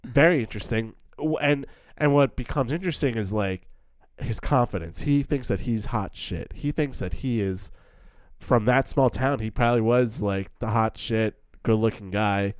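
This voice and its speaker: A man's voice: medium pitch, normal speed, clean tone, dry recording. A young man co-hosting a film podcast in a casual, chatty way, full of "like" fillers and acted-out lines. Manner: chatty, lots of "like" fillers, acts out character lines. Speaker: podcast co-host.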